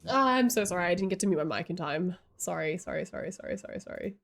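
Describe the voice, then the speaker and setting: A woman's voice: on the low side, expressive, quick pace, gravelly. A woman chatting casually on a livestream, reading chat aloud and telling stories with lots of giggles.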